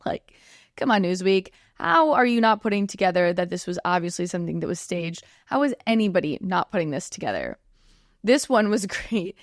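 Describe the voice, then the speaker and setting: A woman's voice: fairly low pitch, sing-song, moderate pace, dry recording, clean studio sound. A woman hosting a political commentary show, talking casually and sarcastically and laughing often.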